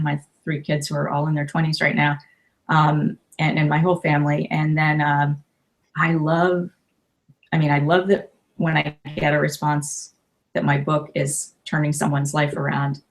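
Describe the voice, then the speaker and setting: A woman in her fifties, a life coach and author, talking warmly and emotionally in a casual interview, with many restarts. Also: low voice, level tone, normal speed, gravelly.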